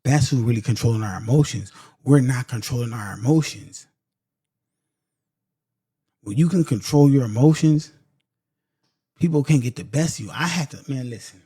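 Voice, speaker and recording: In a dry, studio-quality recording, a male podcast host talks casually and motivationally to his audience, whom he calls "y'all." He is emphatic, restating points to drive them home. His medium-pitched voice is mellow, at normal speed, with long pauses.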